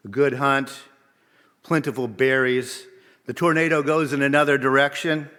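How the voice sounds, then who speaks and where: A man, a minister, giving a sermon in a measured, deliberate way, often posing rhetorical questions, in a church sanctuary. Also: medium pitch, fairly even intonation, pushed and bright. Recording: long reverb of a large hall.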